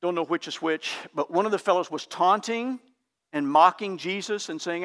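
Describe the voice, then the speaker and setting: A pastor preaching a sermon in an earnest, emphatic, teacherly way. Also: male voice, high-pitched, moderate pace, fairly bright tone.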